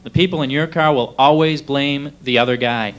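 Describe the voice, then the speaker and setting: A man's voice: mid-range voice, moderate pace. A man doing a sarcastic stand-up comedy set, drifting into mock voices. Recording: 1980s cable TV club recording.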